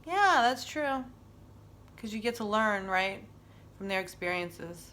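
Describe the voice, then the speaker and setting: Rambling, chatty middle-aged woman, bright tone. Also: mid-range voice, big pitch swings, takes it slowly, pauses often. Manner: rambling, chatty and openly emotional. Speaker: wellness stream host. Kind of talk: casual chat.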